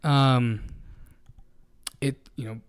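A man's voice: medium pitch, steady tone, very slow, clear, resonant tone. A man co-hosting a podcast, telling a long story in a casual, rambling way with frequent restarts. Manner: rambling, self-correcting storyteller. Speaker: podcast co-host.

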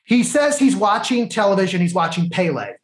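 A man's voice: high-pitched, fairly quick. Man telling a story in an echoey room. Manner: animated film-plot retelling, drifting into reflective life lessons. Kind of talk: casual conversational storytelling.

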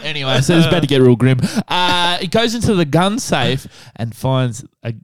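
Man, casual podcast host, crude humor, smooth voice, dry sound. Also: fairly high pitch, animated, moderate pace, no echo. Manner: crude, joking storyteller. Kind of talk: casual comedic chat.

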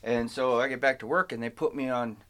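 A man in casual conversation, winding through a long anecdote with restarts and asides. His voice sits at an ordinary middle pitch, and he tells the story in a relaxed, conversational way. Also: fairly quick. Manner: rambling, animated anecdote with self-interruptions. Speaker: podcast co-host telling a story.

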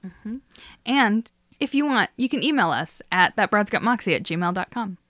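A woman's voice: mid-range voice, lively intonation, moderate pace, a bit bright, no echo, clean studio sound. A woman co-hosting a casual podcast, chatty and laughing easily. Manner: laughing, encouraging listener. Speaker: podcast co-host.

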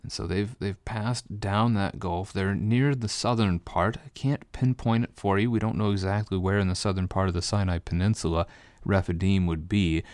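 Male Bible teacher with a very low voice and a dry sound. He explains step by step. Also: a little mellow, no echo. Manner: explanatory, walks listeners through details step by step. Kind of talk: conversational Bible study teaching.

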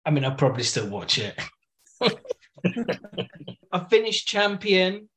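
A man's voice: high-pitched, big pitch swings, unhurried, a bit bright, slight background noise. A man co-hosting a casual TV podcast, with dry jokes between his opinions. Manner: dry, joking. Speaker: podcast co-host. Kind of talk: casual chat.

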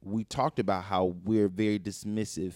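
Co-host, a man with a lowish voice, earnest and reflective, dry close recording. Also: flat delivery, normal speed, a little mellow, no echo. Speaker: podcast co-host. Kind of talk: casual chat.

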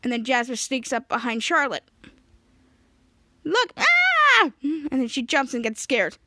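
A woman's voice: a little high, moderate pace, fairly bright tone. A woman podcast host casually retelling a TV episode scene by scene. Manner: retells scenes step by step, acting out lines.

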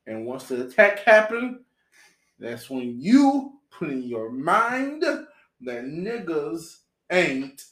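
A man in a casual podcast chat, making his points slowly and deliberately, like a preacher. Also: fairly high pitch, sing-song, fairly bright tone. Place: apartment room. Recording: echoey room.

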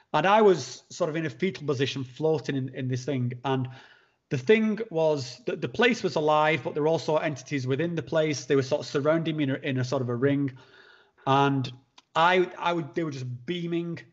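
Halting man, lo-fi sound. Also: fairly high pitch. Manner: halting, repeats words, many fillers. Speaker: podcast guest. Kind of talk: conversational storytelling. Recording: dull lo-fi sound.

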